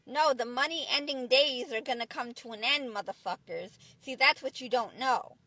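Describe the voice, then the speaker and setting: A woman's voice: high-pitched, normal speed, bright, forceful tone, no echo. A woman vlogging in a car, delivering a profane, preachy angry rant with many restarts. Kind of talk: angry ranting monologue.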